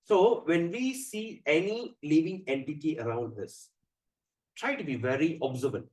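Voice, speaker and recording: A man giving a scripture class, chanting verses slowly and then explaining them animatedly with many fillers. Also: fairly high pitch, animated. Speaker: spiritual teacher. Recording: echoey room, mic at a distance.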